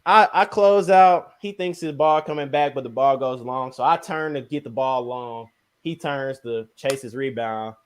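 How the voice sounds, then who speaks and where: A young man, a podcast guest, telling a basketball injury story in casual, slangy, animated speech. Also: moderate pace, clean tone. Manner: animated, slangy, sound words like "boom, bam".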